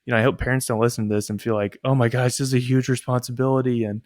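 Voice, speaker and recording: Guy on a podcast thinking out loud, dry close sound, mid voice. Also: mid-range voice, little pitch movement, racing, no room sound. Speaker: podcast co-host. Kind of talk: casual chat.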